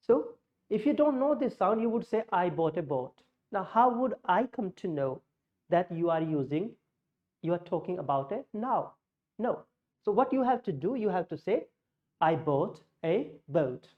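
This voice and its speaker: A woman teaching pronunciation, slowly modeling vowel sounds against each other. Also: mid-range voice, expressive. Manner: slow, explanatory, models sounds in contrast. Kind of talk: pronunciation lesson with slides. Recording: muffled lo-fi audio.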